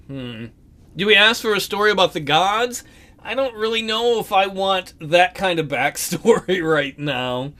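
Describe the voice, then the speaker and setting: A man's voice: high voice, lively intonation, moderate pace, pushed and bright. A man hosting a casual let's play, commenting on a game in a jokey, upbeat way.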